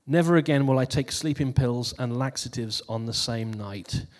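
A man's voice: mid-range voice, normal speed, long reverb tail. A man giving a casual New Year sermon who reads out funny posts and laughs at his own jokes before turning to scripture. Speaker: preacher.

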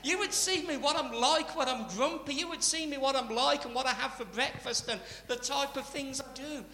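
A man preaching a sermon, chatty and animated, with asides to the congregation. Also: very high-pitched, normal speed. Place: church. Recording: church hall reverb, faint hum.

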